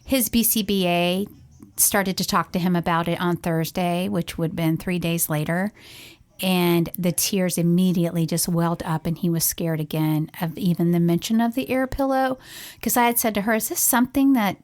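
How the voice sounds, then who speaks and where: A woman's voice: lowish voice, fairly even intonation, normal speed, a little mellow. A middle-aged woman co-hosting a casual podcast, recounting events in an earnest, conversational way with frequent "like" fillers. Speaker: podcast co-host, parent.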